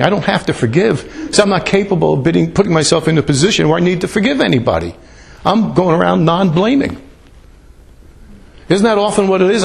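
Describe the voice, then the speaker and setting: Chatty male preacher, slightly raised pitch. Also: vocal fry, slight background noise. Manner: conversational, rambling with asides and repeats. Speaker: pastor. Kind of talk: sermon. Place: church.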